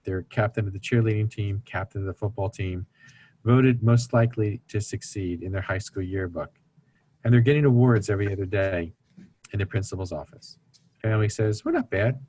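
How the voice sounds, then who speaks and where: A man with a somewhat low-pitched voice speaks as an interview guest. His tone is earnest and instructive, and he slips into brief put-on voices when he quotes other people. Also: moderate pace, mellow, slight background noise. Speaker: guest speaker on recovery ministry. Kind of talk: explaining in an interview.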